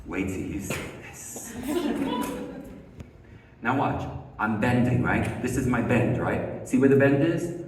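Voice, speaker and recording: A man's voice: mid-range voice, huge pitch swings, takes it slowly, long pauses, background noise. A man teaching a live haircut demonstration, coaching step by step, firing rhetorical questions at the class and repeating key words for emphasis. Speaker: hair educator. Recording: echoey hall, mic far off.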